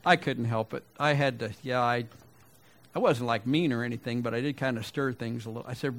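A man's voice: medium pitch, brisk, fairly bright tone. A middle-aged man preaching a sermon, telling a folksy personal story and then asking rhetorical questions. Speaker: pastor.

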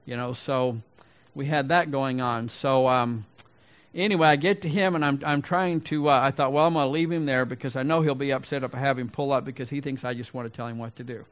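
A man's voice: mid-range voice, fairly quick. A middle-aged man preaching a sermon, telling a folksy personal story and then asking rhetorical questions. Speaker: pastor.

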